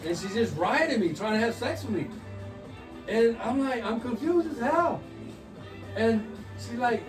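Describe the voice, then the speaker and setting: A man in his forties telling crude stories to friends over drinks, animated and laughing through them. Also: sits high, normal speed, echoey room. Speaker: storyteller. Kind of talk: casual storytelling among friends. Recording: distant mic with music behind. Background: music playing.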